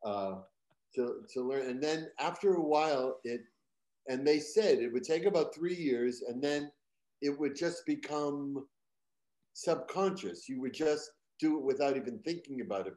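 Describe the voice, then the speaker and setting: An older man from Boston with a trained neutral American accent, a guest comedian telling stories in an interview and slipping into loud put-on local voices for punchlines. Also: medium pitch, expressive, a little slow. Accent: General American, trained out of Boston. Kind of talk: interview storytelling.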